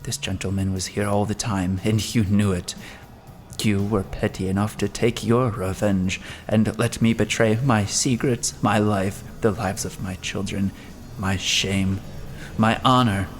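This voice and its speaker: A man's voice: on the low side, fairly even intonation, unhurried, soft background music, lightly acted. A man reading the part of a proud young countess who bitterly accuses her sister in an audiobook. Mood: furious.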